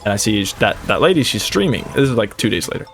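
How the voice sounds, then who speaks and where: A male streamer casually telling a story in an animated, rambling way, full of fillers. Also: on the low side, fast talker, faint music behind.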